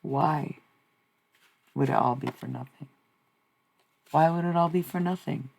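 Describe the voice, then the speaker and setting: Brief: streamer voice, gravelly and slightly husky, searching and repetitive, casual swearing. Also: mid-range voice, unhurried, darkish tone. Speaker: live streamer. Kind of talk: rambling spiritual musing.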